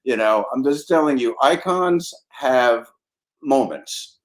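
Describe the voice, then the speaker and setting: A man's voice: mid-range voice, slow. An older man from New Jersey, a comedy writer, telling stories in casual chat and acting out the people he quotes. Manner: animated storyteller acting out quoted voices, chuckling often.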